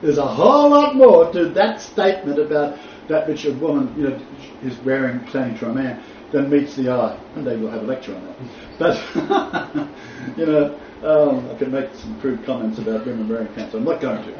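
A man's voice: medium pitch, lively intonation, moderate pace, a little mellow. A man teaching a Bible class in a blunt, joking way, often laughing. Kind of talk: informal lecture. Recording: echoey room from far off, dull, faint noise.

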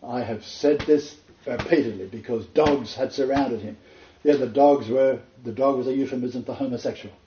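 A man's voice: medium pitch, moderate pace, dark tone, a little hiss or hum. A man teaching as a messianic rabbi and minister, quoting scripture with dramatic emphasis. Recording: echoey, dull lo-fi room sound.

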